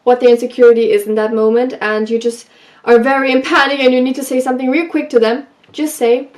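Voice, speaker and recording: A woman vlogger giving advice in a casual, animated way, telling stories from her school days and acting out what people said. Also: fairly high pitch, quick pace. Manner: animated, acts out quoted lines. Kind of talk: casual storytelling advice vlog.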